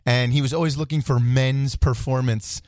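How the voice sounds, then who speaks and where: Male radio co-host, mid-pitched, dry close sound, rambling storyteller. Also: fairly even intonation, moderate pace, darkish tone, dry recording. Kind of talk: casual storytelling.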